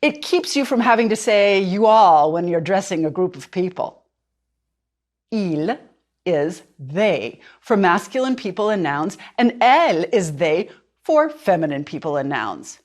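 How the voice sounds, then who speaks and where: Lively-pitched woman teaching a language. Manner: clear, deliberate, slows down for drilled words. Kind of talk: instructional narration.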